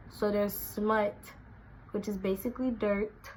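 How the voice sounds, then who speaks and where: A young woman, telling a casual storytime, animated and acting out quotes in a raised voice. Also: mid-range voice, moderate pace, low-quality recording. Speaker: vlogger.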